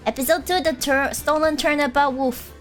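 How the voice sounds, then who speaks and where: A woman's voice: sits high, steady tone, moderate pace, soft background music. A woman streamer chatting casually and playfully with her live chat, teasing and giggling. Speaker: game streamer.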